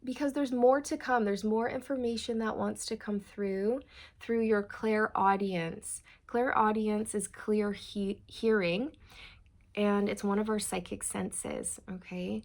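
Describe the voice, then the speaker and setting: A woman's voice: medium pitch, fairly even intonation, slow pace, vocal fry, a little mellow. A woman giving a channeled tarot reading, talking to viewers in a meandering, reassuring way and often calling them "you guys.". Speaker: tarot reader.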